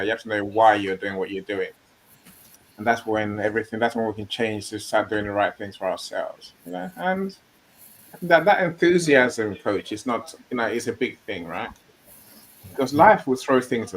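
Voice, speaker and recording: A man hosting a group call, talking in an effusive, rambling way with many fillers. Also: fairly low pitch. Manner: effusive, full of "you know" fillers. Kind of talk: casual group call chat.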